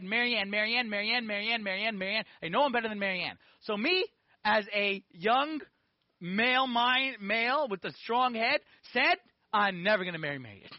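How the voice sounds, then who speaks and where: A man in his forties giving a lively personal testimony in a sermon, peppering it with "okay?" and "like". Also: high voice, dry recording, dull audio. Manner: animated storytelling with frequent "okay?" and "like".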